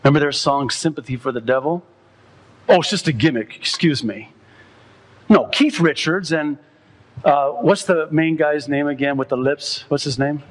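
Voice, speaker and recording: A man preaching a sermon as pastor, quoting others at length and rising to impassioned, near-shouted peaks. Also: a little high, moderate pace.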